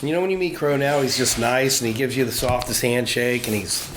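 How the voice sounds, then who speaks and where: Chuckling tattooer swapping loose stories. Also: male voice, medium pitch, fairly quick, noisy background. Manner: loose, rambling, chuckling storyteller. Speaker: tattoo artist guest. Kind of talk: casual chat.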